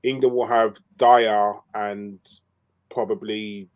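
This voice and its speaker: A man with a fairly low voice gives firm football opinions on a podcast. He talks in a casual, emphatic way and leans on ums between his points. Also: flat delivery, slow. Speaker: podcast co-host.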